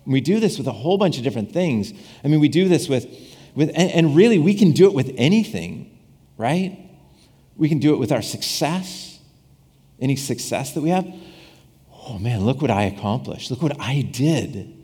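A male preacher gives a conversational sermon and keeps circling back over his own phrases. His husky voice swings widely in pitch as he plays out the voices in his story. The sound carries a long reverb, as in a large church hall. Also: very animated, a little fast, warm tone. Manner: conversational, repeats and restarts phrases, acts out quoted voices with humor. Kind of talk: casual sermon.

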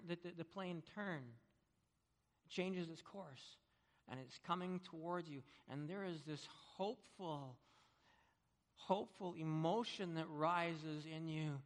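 A man preaching a sermon, telling vivid stories that swing between hushed and loud. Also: high voice, measured pace. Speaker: pastor. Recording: long reverb of a large hall.

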